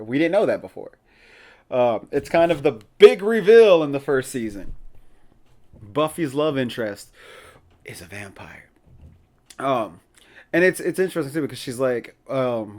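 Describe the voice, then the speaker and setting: A man with a middle-pitched voice talks through an episode in a loose, conversational recap. He is chatty and opinionated and often breaks into laughter. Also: lively intonation, fairly quick, darkish tone. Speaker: podcast host.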